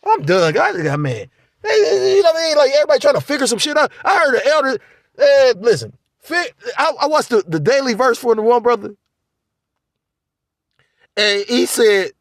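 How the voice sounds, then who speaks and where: A man with a high, animated voice rants casually to his viewers about faith and trust. His talk is profane and rambling, full of restarts. The sound is dry and close. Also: brisk, no room sound. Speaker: vlogger. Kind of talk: casual spiritual monologue.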